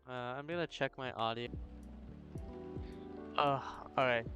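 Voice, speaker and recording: A man's voice: mid-range voice, fairly even intonation, measured pace, pauses often, sharp tone, faint music behind. A man streaming a game, reading its dialogue aloud and chatting casually with viewers, swearing and giggling. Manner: giggly, swears, talks to chat.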